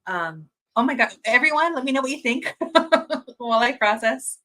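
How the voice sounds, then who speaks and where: On a rough recording, a bright-voiced woman with a fairly high pitch runs a fan watch-party livestream at a moderate pace. She chats casually, reads out viewer comments, gushes excitably, laughs often and breaks off to restart sentences.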